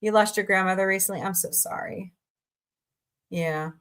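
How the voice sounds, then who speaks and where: A woman's voice: medium pitch, fairly even intonation, normal speed, fairly bright tone, smooth. A middle-aged woman from Southwest Missouri hosting a casual livestream, chatting and rambling as she answers messages from viewers. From Southwest Missouri, USA. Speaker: livestream host.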